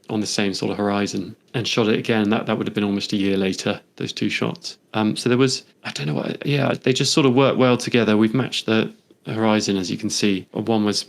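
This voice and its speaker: A man's voice: on the low side, vocal fry. A man, a photographer, talking through his photobook in a reflective, meandering way, thinking aloud as he goes. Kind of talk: conversational interview.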